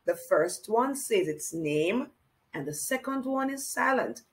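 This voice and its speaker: A woman's voice: medium pitch, lively intonation, rough recording. A woman teaching a children's reading lesson, speaking to the child directly and encouraging them as she spells and counts. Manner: encouraging, slow and sing-song, addressing a child directly.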